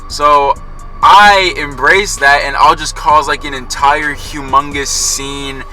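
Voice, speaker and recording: A man's voice: on the high side, steady tone, slow pace, bright, forceful tone, poor audio. Laid-back joking young man. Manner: joking, laid-back, says "bro" and "you know". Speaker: co-host of couple's channel. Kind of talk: casual Q&A chat. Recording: music clearly underneath.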